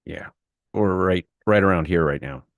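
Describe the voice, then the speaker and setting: This casual trading analysis monologue comes from a man with a low voice speaking at normal speed, recorded in studio quality with no echo. Hosting his daily market commentary, he strolls through chart levels and stresses key points by repeating them.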